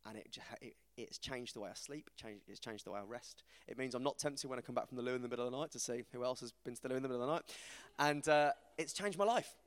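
A man, giving an informal, self-deprecating talk to a church group, animated as he tells stories. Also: medium pitch, fast, few pauses. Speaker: preacher. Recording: reverberant hall.

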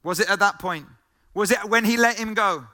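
A man delivers a sermon in a high, ringing voice. He keeps circling back to the same phrases and throws questions at the listeners. His tone stays bright and forward. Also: normal speed. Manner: emphatic, repeats key phrases, asks the listeners questions. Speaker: pastor.

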